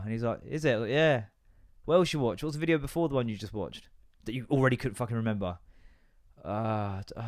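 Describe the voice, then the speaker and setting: A man hosting a podcast, ranting in a casual, sweary way and acting out both sides of remembered conversations. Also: mid-range voice. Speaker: podcast host.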